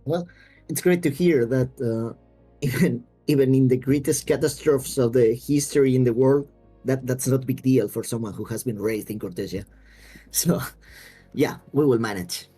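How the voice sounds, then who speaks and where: A man's voice: medium pitch, moderate pace, warm tone, husky, faint music behind. A man playing a tabletop game, easygoing and laughing. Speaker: player.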